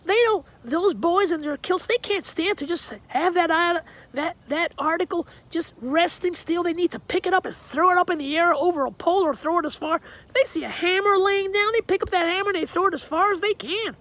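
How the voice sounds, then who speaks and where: A man putting on a Savannah, Georgia accent to voice a rambling Southern gentleman, drawling and full of homespun sayings, recorded outdoors on a backyard deck. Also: very high voice, a little fast, hardly any pauses, voice pushed up. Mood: folksy. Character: folksy, rambling Southern gentleman musing aloud.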